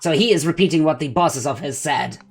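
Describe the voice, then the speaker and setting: A man's voice: fairly high pitch, fairly quick, vocal fry, soft background music. A man playing his character in a tabletop game, talking in a firm, insistent way. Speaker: player. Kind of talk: casual tabletop role-play. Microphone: headset over voice call.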